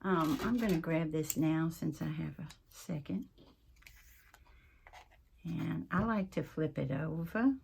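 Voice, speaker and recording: A woman's voice: sits low, takes it slowly, vocal fry, long pauses, a little mellow, slightly rough. A woman hosting a casual craft tutorial, chatting and rambling as she works, often interrupting herself. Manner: mentions her accent coming and going. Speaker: craft video host.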